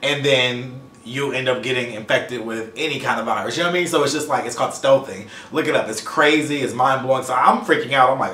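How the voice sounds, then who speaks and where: A young man telling a personal story to camera in a casual vlog, talking fast and animated, sometimes stumbling over his words and swearing. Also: mid-range voice, echoey room. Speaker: vlogger.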